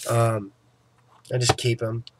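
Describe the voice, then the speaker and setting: Sore-jawed after a painful extraction, a vlogger tells the story emphatically, swearing freely and often asking "okay?" His mid-range voice is flat and slow, and the background is noisy.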